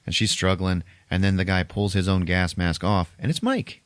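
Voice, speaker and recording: A man hosting a podcast and recapping a horror film in a casual way, animated and laughing often. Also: sits low, normal speed, clean tone, dry recording. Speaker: podcast host.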